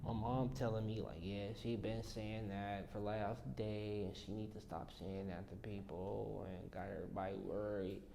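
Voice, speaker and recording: A man's voice: on the low side, level tone, moderate pace, creaky, few pauses, background noise. A young man telling an emotional story in a casual interview in a studio, slangy and often saying "you know what I'm saying". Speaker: interview guest.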